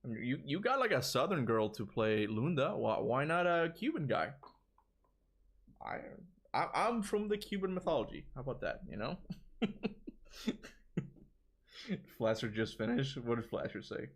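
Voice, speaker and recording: A gaming streamer, young and with a Toronto accent, talks casually to his livestream at normal speed, his medium-pitched voice very animated. He's tired and rambles, restarting his words and chuckling often.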